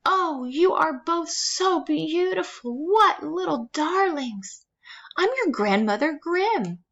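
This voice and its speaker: A woman voicing a doting, affectionate old grandmother who speaks high, slow and gushing. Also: lively intonation, a bit bright, lo-fi sound, heavily acted.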